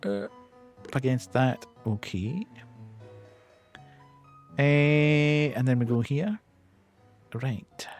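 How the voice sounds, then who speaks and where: Slow-talking man streaming a game. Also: medium pitch, soft background music. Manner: chatty, muttering to himself while playing. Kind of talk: casual game commentary.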